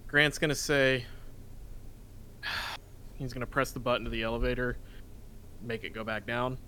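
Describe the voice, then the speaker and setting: A man's voice: medium pitch, fairly even intonation, a little slow, pushed and bright, a little hiss or hum, low-quality recording. A man playing a character in a tabletop game, talking casually and hesitantly. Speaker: tabletop player. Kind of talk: casual tabletop role-play.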